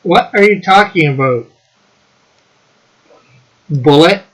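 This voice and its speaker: A man's voice: on the high side, expressive, takes it slowly, poor audio. A man hosting a casual live stream, playful, laughing often and trying out mock accents. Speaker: comics show host.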